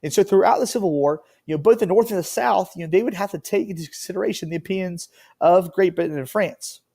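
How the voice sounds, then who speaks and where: A man giving a history lesson in a loose, conversational way, often stopping to check in with "okay?". His voice is gravelly and dark, sitting a little high for a man. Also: fast talker. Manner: casual, filler-heavy, checks in with "okay?". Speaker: teacher. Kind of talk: classroom lecture.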